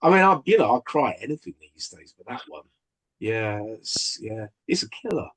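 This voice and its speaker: A man on a podcast panel, talking in a halting, sentimental way during casual chat. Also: medium pitch, big pitch swings, low-quality recording.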